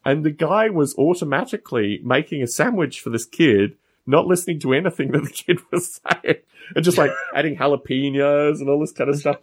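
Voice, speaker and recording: A man's voice: a little high, animated, a little fast, slightly rough. A man in casual podcast chat, telling wry stories with sarcastic asides. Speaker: podcast co-host.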